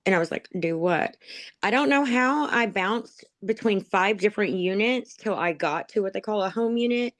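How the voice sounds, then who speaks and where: A woman's voice: medium pitch, expressive, moderate pace, dry recording. Woman telling her story, dry close sound. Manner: rambling, frequent ums, laughs at herself, emotional. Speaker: interviewee, dog program graduate. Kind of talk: personal testimony, conversational storytelling.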